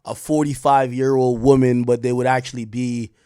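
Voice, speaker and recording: A young adult man hosting a commentary show, talking in a mocking, animated way that swings from loud outbursts to low muttered asides. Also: normal speed, clean tone, no room sound, studio quality. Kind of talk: sarcastic news commentary.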